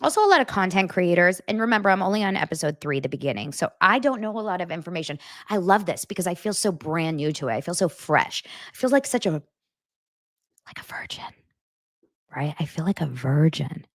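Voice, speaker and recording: A woman hosting a casual commentary show, talking in an animated, rambling way full of asides and the odd swear word. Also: lowish voice, quick pace, few pauses, no room sound, clean studio sound. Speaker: host.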